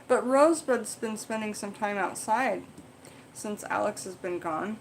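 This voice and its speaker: A woman's voice: medium pitch, measured pace, vocal fry, a little hiss or hum, low-quality recording. A young adult woman hosting a casual livestream, chatting frankly in a rambling way and swearing now and then. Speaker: livestream host.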